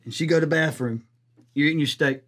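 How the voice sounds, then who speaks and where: In an improvised comedy bit, a man plays a crude, loud-mouthed rural Southern commentator with a drawl, ranting bluntly and laughing at his own jokes. His voice is fairly high, quick and a bit bright.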